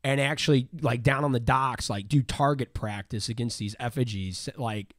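A man's voice: medium pitch, moderate pace, a bit bright, dry recording, clean studio sound. A man hosting a podcast, telling a local history story in a rambling way full of fillers and restarts. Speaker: podcast host. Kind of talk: casual history chat.

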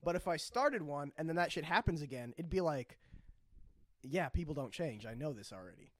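A man bantering crudely on a podcast, his pitch swinging widely as he jokes. His voice is a little raised in tone and sounds dry and close, with little room around it. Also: lively intonation, a little fast, no echo. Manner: joking, loud bursts, puts on mock voices. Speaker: podcast co-host.

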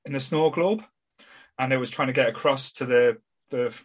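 A man co-hosting a casual podcast chat, talking in a halting way with frequent stammers and restarts. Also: medium pitch, breathy edge. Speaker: podcast co-host.

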